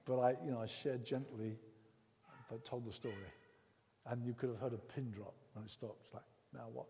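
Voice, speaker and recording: An older man from England preaching a sermon, telling his own story with repeated words and swings between loud and hushed speech. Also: mid-range voice, normal speed, gravelly, in a large hall. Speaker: pastor. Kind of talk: sermon with personal testimony.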